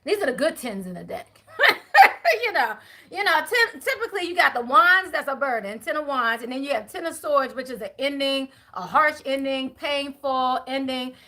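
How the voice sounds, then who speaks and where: Woman, tarot reader, live reading, chatty, high voice, bright tone. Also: lively intonation. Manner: chatty, talks to viewers and spirits; frequent fillers, quick apologies.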